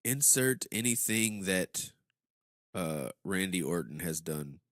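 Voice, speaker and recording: A man's voice: low-pitched, lively intonation, slow pace, fairly bright tone, no room sound, studio quality. A man co-hosting a casual wrestling podcast, laid-back and laughing along. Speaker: podcast co-host.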